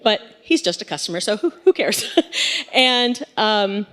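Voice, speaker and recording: A woman in her forties telling a story live on stage, in a chatty, animated way with lots of fillers. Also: mid-range voice, measured pace. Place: stage in a hall. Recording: long hall reverb.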